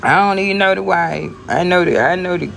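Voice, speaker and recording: A woman's voice: fairly low pitch, fairly quick, gravelly, a bit bright, a little hiss or hum. A woman ranting bluntly on a phone livestream, rambling and repeating herself as she talks straight to her viewers. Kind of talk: casual livestream rant.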